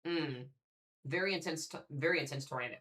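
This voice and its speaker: This young livestream host covering severe weather talks a little fast in a high-ish, sharp voice. Casual in tone, he thinks out loud over the radar and calls out to his viewers.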